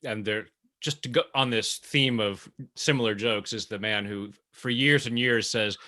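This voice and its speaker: A man's voice: on the low side, moderate pace, bright, forceful tone. A man hosting an interview, giving short affirmations, chuckling often and adding his own jokes. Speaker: host. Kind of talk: conversational interview.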